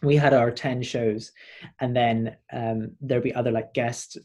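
A man's voice: mid-range voice, unhurried, slightly rough. Chatty young Northern Irish man. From Northern Ireland. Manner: animated, rambling storyteller. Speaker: performer guest. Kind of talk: casual interview chat.

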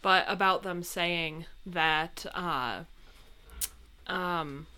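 A woman co-hosting a casual chat, agreeable and lively, with frequent backchannels. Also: fairly low pitch, very slow, clean tone. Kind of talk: casual chat reviewing a TV episode.

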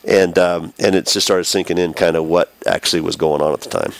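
A man, a former baseball pitcher, telling the story of a game as an interview guest, acting out what people said. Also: a little fast, creaky, no echo. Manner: animated storyteller, acts out quotes.

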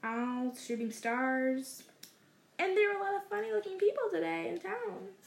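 A woman's voice: very high voice, moderate pace, creaky, a little hiss or hum, pitched above the performer's own voice. A woman voicing a nervous, fussy middle-aged man who mumbles and hesitates, read aloud in a storybook. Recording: roomy echo.

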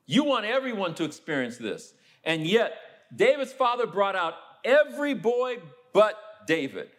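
A man preaching a sermon, telling a story and acting out the people in it, then turning quiet and low for a personal confession. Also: big pitch swings, moderate pace. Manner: storytelling, acts out the people he quotes.

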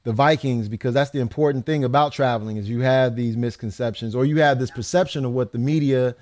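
Relaxed man chatting about travel. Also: medium pitch, fast talker, no echo. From United States. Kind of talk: casual podcast chat.

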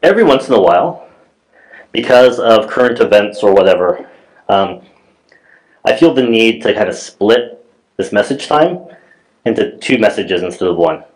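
A man's voice: lowish voice, animated, normal speed, long pauses, low-quality recording. A middle-aged man, a pastor, preaching a sermon in a church in a conversational storytelling way, with many fillers and restarts.

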